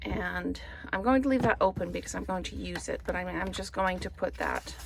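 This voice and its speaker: A woman's voice: on the low side, fairly quick, creaky, noisy background. A woman chatting through a card-making tutorial, thinking aloud as she works. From Canada. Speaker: papercraft demonstrator.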